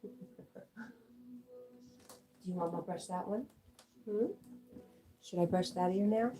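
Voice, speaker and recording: Woman stream host, lowish warm voice, casual chat-reading and dog talk. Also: takes it slowly, rough recording. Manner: reads viewer comments aloud and chats with her dog. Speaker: livestream host.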